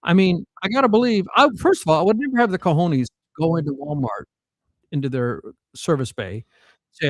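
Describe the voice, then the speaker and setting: A man from South Dakota tells a long family story in casual podcast talk. His voice sits a little high and swings widely up and down as he gets animated. Fillers and restarts run all through the story, and the sound is dry and close. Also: fairly quick, dry recording, poor audio. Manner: animated, rambling anecdotes with fillers. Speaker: podcast guest.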